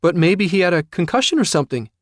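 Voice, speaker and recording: A man voicing a sharp, indignant young woman confronting her father. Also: mid-range voice, big pitch swings, normal speed, no echo, studio quality, voice pushed up, lightly acted. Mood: angry. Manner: indignant, accusing.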